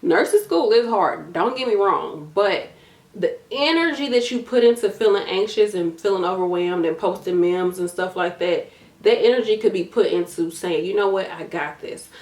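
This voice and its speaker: A nursing YouTuber, sounding tired, gives direct study coaching in a relaxed vlog, peppered with "y'all" and "gonna" and plenty of repetition for emphasis. Her mid-range voice is a little mellow, moderately paced, and heard in an echoey room.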